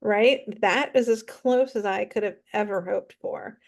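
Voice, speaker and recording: A woman's voice: medium pitch, unhurried. A woman author chatting casually as a guest, with lots of fillers and easy laughter. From North Carolina. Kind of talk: casual chat.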